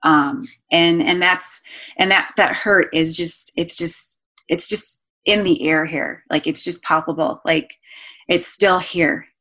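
A woman in her thirties, a guest speaking earnestly and emotionally, halting often with fillers and restarts. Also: fairly low pitch, steady tone, a bit bright. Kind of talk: candid conversational interview.

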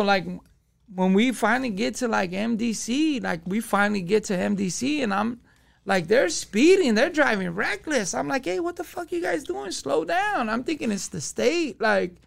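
A man's voice: high voice, vocal fry. A man, telling a story as a podcast guest in profane street slang. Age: 20s. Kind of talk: casual storytelling.

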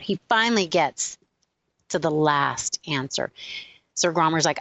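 A woman giving a spiritual talk, retelling a legend in a lively storytelling manner. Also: on the low side, no echo, low-quality recording. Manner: animated storyteller, switching quickly between characters. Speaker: spiritual speaker.

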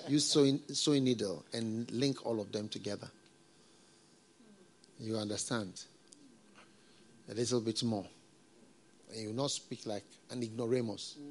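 A middle-aged pastor gives a sermon with a medium-pitched voice. He talks conversationally and repetitively, sprinkling in folksy proverbs and soft chuckles.

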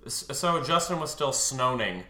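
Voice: mid-range voice, roomy sound. A co-host reading fan fiction aloud on stage, playful and drily amused, laughing at the text. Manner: slow, playful, deadpan asides, laughs at the text. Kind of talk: live comedic reading with banter. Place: stage before a live audience.

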